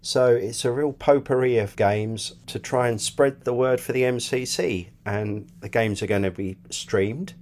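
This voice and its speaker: A man's voice: mid-range voice, unhurried, few pauses, a little mellow, slight background noise. A man chatting enthusiastically on a podcast, often repeating words as he talks. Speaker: club cricket scorer and podcast guest. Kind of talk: casual podcast chat.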